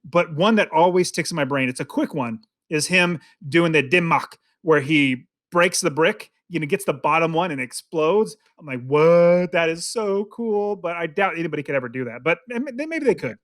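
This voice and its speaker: A man co-hosting a movie review podcast, chatting casually in a rambling, excitable way full of fillers and restarts. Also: high voice. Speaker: podcast co-host.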